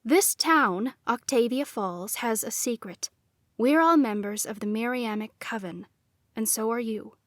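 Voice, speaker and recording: A woman narrator voicing a gentle, serious elderly grandmother who is a witch, speaking softly and slowly. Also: a little high, no room sound, studio quality, lightly acted. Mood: grave.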